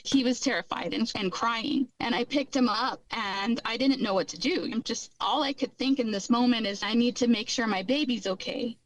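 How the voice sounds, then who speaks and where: A woman's voice: on the high side, low-quality recording. A middle-aged woman earnestly recounting her own hard past in a candid personal testimony. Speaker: guest recounting her life.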